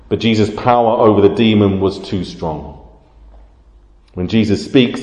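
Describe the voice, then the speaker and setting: Low-voiced man preaching in echoey hall. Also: dark tone. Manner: measured, explanatory, reads scripture aloud. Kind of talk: sermon. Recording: roomy hall reverb.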